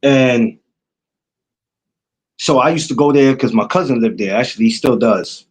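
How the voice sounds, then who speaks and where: With a mid-range, slightly rough voice and a New York accent, a man from New York chats casually as a guest at a moderate pace. He spins stories in loose, laid-back street slang, returning again and again to asides.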